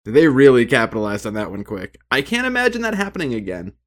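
A man's voice: big pitch swings, fast. A man co-hosting a podcast in casual chat, joking around and breaking into mimicry. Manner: jokey, mimics lines in a high squeal. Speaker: podcast co-host.

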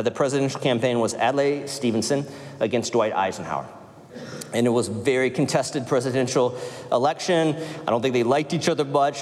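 A man's voice: medium pitch, a little mellow. A man preaching a sermon to his congregation, earnest and direct, asking rhetorical questions. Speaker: pastor. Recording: long hall reverb.

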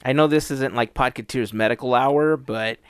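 A man's voice: mid-range voice, normal speed, clean tone, no room sound. A male podcast host chatting casually, his speech slightly slurred by a new dental retainer, struggling with S sounds and a faint hiss, rambling with lots of "like" and restarts. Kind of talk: casual chat.

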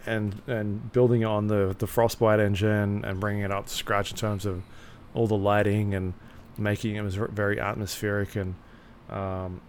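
A man co-hosting a podcast in casual chat, talking in a relaxed, hesitant way with many fillers. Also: fairly low pitch, slight background noise. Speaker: podcast co-host.

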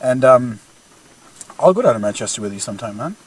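A man's voice: mid-range voice, lively intonation, fairly quick, husky. A young man hosting a crude, joking podcast, bantering and mocking himself. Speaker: podcast host.

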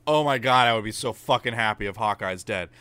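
Blunt, sarcastic man with a smooth voice. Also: lowish voice, a little fast, sharp tone. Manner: blunt, sarcastic, swears casually. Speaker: podcast co-host. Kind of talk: casual chat.

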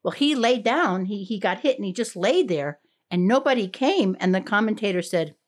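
A woman's voice: medium pitch, animated, moderate pace. Chatty woman cohosting a garden podcast, voice bouncing up and down a lot, laughs easy. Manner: chatty, amused, laughs often. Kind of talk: casual chat.

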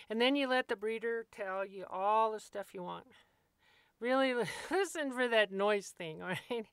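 A woman's voice: on the high side, normal speed, a bit bright, clean tone, dry recording. A woman walking listeners through a scene step by step in a vivid, folksy teaching manner, speaking to them as "you". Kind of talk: guided walkthrough talk.

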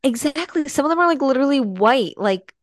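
A woman's voice: sits high, expressive, fairly quick, dry recording, clean studio sound. A woman from the American Midwest co-hosting a podcast in casual chat, squeamish and full of fillers. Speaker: podcast co-host.

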